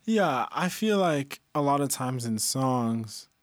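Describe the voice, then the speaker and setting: A man co-hosting a casual chat about a song, relaxed, using lots of "like" and reading lyrics softly. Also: medium pitch, slow pace, no room sound, studio quality. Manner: relaxed, many "like" fillers, reads lyrics softly. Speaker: co-host discussing a song.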